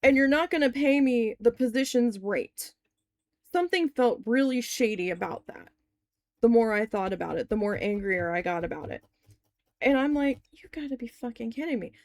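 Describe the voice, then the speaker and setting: A woman's voice: fairly high pitch, animated, moderate pace, no echo. A woman in her forties, chatty and long-winded, telling a story in a casual crafting vlog and swearing when annoyed. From New Jersey. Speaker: crafting vlogger.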